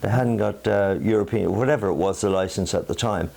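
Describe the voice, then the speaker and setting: A man's voice: lowish voice, a little fast, vocal fry, warm tone. An older man and singer telling a rambling anecdote to an old bandmate, chuckling as he goes, in a living room at home. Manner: rambling storyteller, chuckles, mimics voices in jokes. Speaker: singer and show host.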